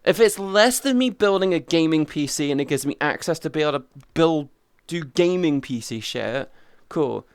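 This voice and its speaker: A man's voice: a little high, lively intonation, normal speed, hardly any pauses, clear, resonant tone, no echo, studio quality. A young adult man chatting casually on a live stream, rambling, swearing freely and restarting his sentences. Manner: rambling, profane, restarts often.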